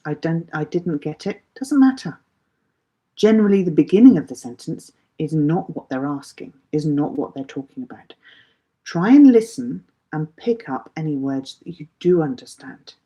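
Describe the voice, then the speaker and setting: A woman's voice: sits low, warm tone. A middle-aged woman teaching a live online English lesson, patiently explaining with everyday examples.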